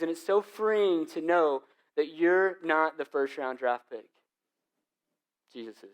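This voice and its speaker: Animated young pastor preaching with a higher voice. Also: male voice, slow. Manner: animated storytelling with casual slang. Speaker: lead pastor. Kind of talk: sermon.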